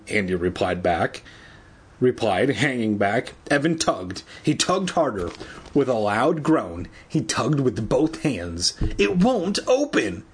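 A man reading a children's horror novel aloud, shrieking the characters' lines and breaking off for crude, joking asides. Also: husky. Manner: animated, jumps to shrill shrieks for characters, swears in asides.

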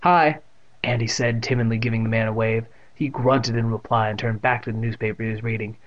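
A man reads a children's book aloud, adding joking asides to the text. His voice is on the low side, flat in delivery and fast, captured in a muffled lo-fi recording.

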